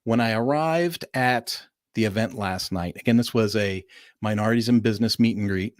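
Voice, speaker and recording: A middle-aged man from Southern California hosting a casual livestream, telling stories with lively enthusiasm and calling his viewers "folks.". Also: fairly low pitch, normal speed, dry recording, studio quality. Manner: animated storyteller addressing viewers as "folks". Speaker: livestream host.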